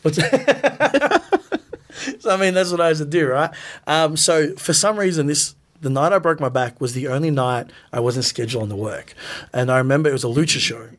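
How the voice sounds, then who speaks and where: A man's voice: on the high side, quick pace, fairly bright tone. A man, a wrestler telling stories casually in an interview, acting out quoted lines in a raised voice. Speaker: professional wrestler guest. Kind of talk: casual storytelling in a podcast interview.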